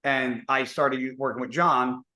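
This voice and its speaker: A bodybuilder talks on a podcast, a man whose sentences stall and restart as he circles toward his question. His voice is mid-pitched and carries a noticeable room echo. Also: steady tone, bright, forceful tone. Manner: rambling, halting, many restarts. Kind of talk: casual podcast chat. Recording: roomy echo.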